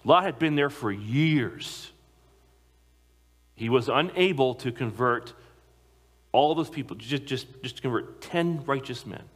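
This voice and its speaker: A man preaching a sermon to a congregation, emphatic, slowing down to stress key phrases. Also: mid-range voice, lively intonation, slightly rough. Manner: emphatic, slows down on key phrases, occasional repeated words.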